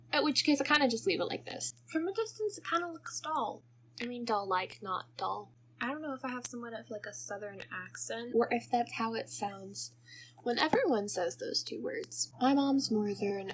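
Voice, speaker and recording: A woman's voice: on the high side, fairly bright tone, breathy edge. A young woman chatting through a makeup tutorial, rambling off topic and giggling as she goes. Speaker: makeup vlogger. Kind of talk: casual makeup tutorial chat.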